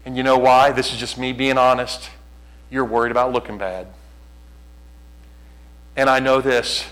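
A male pastor preaching a sermon, earnest and pleading, acting out conversations in animated bursts. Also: mid-range voice, moderate pace, rough recording.

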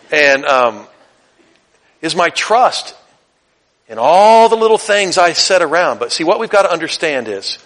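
A man preaching a sermon as pastor, chatty and conversational, then building to loud, emphatic repetition. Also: on the high side.

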